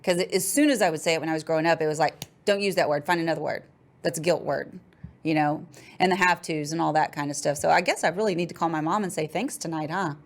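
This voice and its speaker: Brief: woman podcast host, quick chatty delivery, low-ish voice. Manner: quick, chatty, many fillers. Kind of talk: casual chat.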